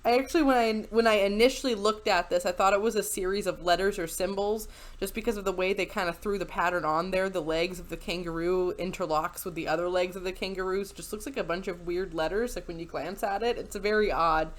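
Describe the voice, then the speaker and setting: A woman's voice: fairly low pitch, fairly even intonation, fast. A woman giving casual reaction commentary as a video host, sarcastic and incredulous, breaking into laughter often. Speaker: YouTube commentator.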